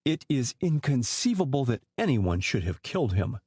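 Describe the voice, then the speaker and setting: A man reading a curt, guarded gentleman. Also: medium pitch, sing-song, moderate pace, husky, no echo, clean studio sound. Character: defensive, cool gentleman under questioning.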